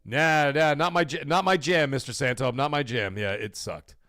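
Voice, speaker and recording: A man hosting a gaming livestream, loudly shouting out chat donations and swearing casually. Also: medium pitch, moderate pace, no room sound, clean studio sound. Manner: loud, hyped shout-outs reading chat donations. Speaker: livestream host. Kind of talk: energetic live stream chat.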